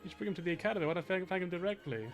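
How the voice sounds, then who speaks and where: A man's voice: sits high, rapid-fire, over music. A man reading aloud the lines of a cheerful, upbeat young horse girl from a game, in a bubbly tone.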